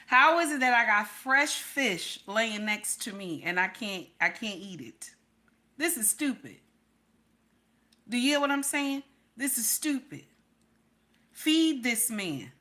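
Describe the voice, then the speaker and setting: A woman's voice: on the high side, very animated, slow, pauses often, pushed and bright. A woman hosting a live stream, giving blunt, preachy advice and repeating herself for emphasis while talking to her chat. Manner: talks to her chat and reads names. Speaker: livestream host advising women.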